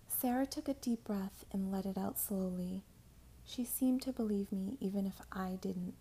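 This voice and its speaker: A woman reading a first-person story aloud in a soft, mostly whispered narration. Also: medium pitch, normal speed, breathy edge.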